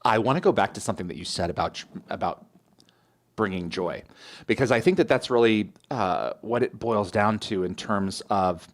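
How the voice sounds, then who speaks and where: A man's voice: lowish voice, animated, moderate pace. A man hosting an interview, chatting casually and agreeing with enthusiasm. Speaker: host.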